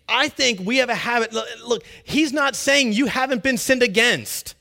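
A man preaching a sermon as pastor, conversational and animated, acting out little quotes. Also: very high-pitched.

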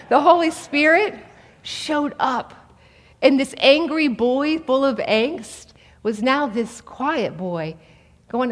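A woman in her forties preaching a sermon in a conversational, animated way to an audience in a large hall. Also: high voice, normal speed. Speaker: speaker at a church. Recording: long reverb of a large hall.

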